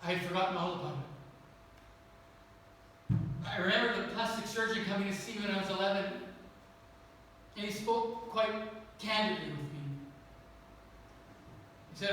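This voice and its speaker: A man's voice: sits high, normal speed, long pauses, a bit bright, slight background noise. A man preaching a sermon as pastor, telling a personal story and building to emphatic peaks. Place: church sanctuary. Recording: echoey church hall from far off.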